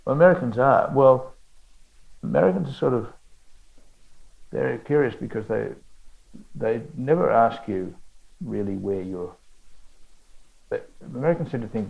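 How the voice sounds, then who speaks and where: An older Australian man, an author in conversation at a bookshop event, telling rambling anecdotes with halting restarts. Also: medium pitch, expressive, gravelly, narrow, tinny audio. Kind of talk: onstage literary conversation.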